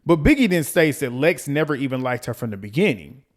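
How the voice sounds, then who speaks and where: A man hosting a reality TV recap, ranting in a blunt, profane, animated way and repeating lines for emphasis. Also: medium pitch, a little fast. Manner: quotes people in mimicking voices. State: out of breath. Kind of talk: casual commentary recap.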